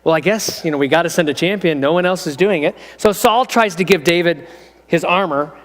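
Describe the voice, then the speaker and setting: Man, pastor, playful children's storyteller, high voice, long hall reverb. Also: fairly quick. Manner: playful, draws in listeners and helpers. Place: church hall.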